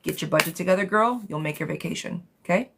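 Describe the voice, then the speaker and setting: Woman tarot reader on a live stream, lowish voice, chatty and affectionate, with a noisy, clicky recording. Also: fast, vocal fry. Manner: chatty, affectionate, calls viewers darling and sweetheart.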